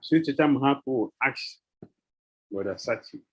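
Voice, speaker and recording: A man giving a devotional lecture, telling sacred stories with rhetorical questions and an animated, questioning manner. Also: medium pitch, normal speed, husky, low-quality recording. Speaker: spiritual teacher.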